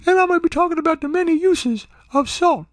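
A man imitating an earnest older woman from an extension service who gives household hints in a slow, simple, drawn-out way. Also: extremely high pitch, no echo, clean studio sound, voice pushed up.

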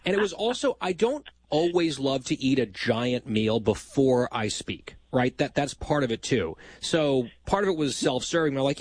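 A man's voice: mid-range voice, big pitch swings, normal speed, hardly any pauses, dry recording. A man hosting a show, chatting casually with dry teasing banter. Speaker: host. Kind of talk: casual chat.

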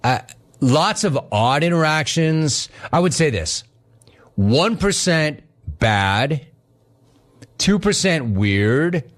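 A man's voice: on the high side, slow pace. A middle-aged man hosting a sports radio show, chatting casually through listener questions and acting out the dialogue in his stories. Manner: animated storytelling, acts out quoted dialogue.

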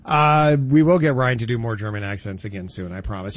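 A medium-pitched man hosts a radio show, heard with the highs cut off and slight background noise. He's animated and joking in casual banter with his co-host, throwing in quick voices when telling anecdotes.

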